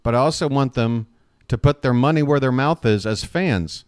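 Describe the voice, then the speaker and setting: Man, mid-pitched, fan play-by-play host, chatty and conversational, close dry sound. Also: moderate pace, smooth, no echo. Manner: chatty, addresses listeners as folks, frequent uh fillers. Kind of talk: live fan play-by-play and commentary.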